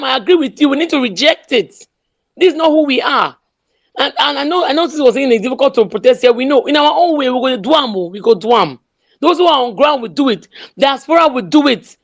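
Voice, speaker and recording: A woman with a Nigerian accent giving an impassioned political speech, emphatic and repeating her slogans. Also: high-pitched. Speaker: speaker in an online audio room.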